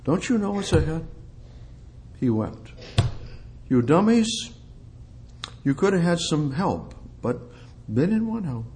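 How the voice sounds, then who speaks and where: A man preaching an expository sermon, reading scripture aloud, loud and emphatic at times, then dropping low and quiet. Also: very animated, a little slow, a little hiss or hum.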